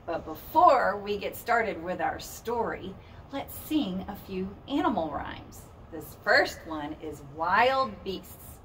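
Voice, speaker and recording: A woman's voice: medium pitch, sing-song, slow pace, fairly bright tone, distant mic, a little hiss or hum. A woman leading a children's storytime as a librarian, singing rhymes in a sing-song, playful way and roaring with the kids.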